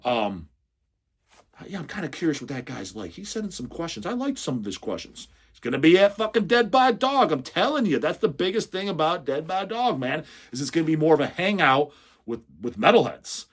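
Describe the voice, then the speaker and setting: A man hosting a casual question-and-answer segment for his metal channel, cursing almost every sentence. He reads viewer messages aloud and tears into them with blunt, mocking humor, his pitch jumping up and down as he goes. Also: sing-song, a little fast, husky. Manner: swears constantly, mocking and blunt. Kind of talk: casual profane Q&A rant.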